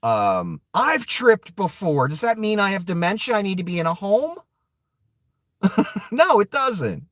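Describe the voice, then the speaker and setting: Slow, lively-pitched man ranting casually. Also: no room sound. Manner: profane, laughs often, mocking asides to chat. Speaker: political commentary streamer.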